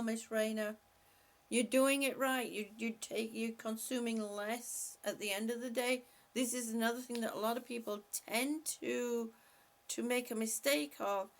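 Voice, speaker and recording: A woman hosting a relaxed live stream, talking slowly with a gravelly, creaky edge to her voice. Her voice sits a little higher than most. She reads out viewer comments, answers them, and laughs often between them. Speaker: vlogger reading live chat. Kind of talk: casual live-stream chat.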